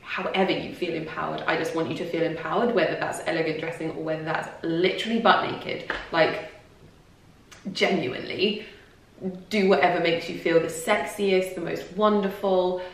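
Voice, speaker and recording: A woman speaks to her viewers in loose, confiding vlog chat that keeps circling back on itself. Her voice sits a little low. It comes from some way off the mic and booms around a very echoey room. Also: fairly even intonation, moderate pace, gravelly, far from the mic. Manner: rambling and confiding, lots of "like" and restarts. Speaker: lifestyle vlogger. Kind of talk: casual personal talk to camera.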